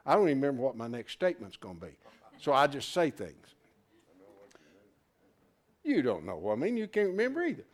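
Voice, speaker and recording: A man's voice: mid-range voice, wildly swooping pitch, a little fast, pauses often. A man teaching scripture to a class in a folksy, interactive sermon style, asking questions and joking along the way. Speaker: Bible study teacher.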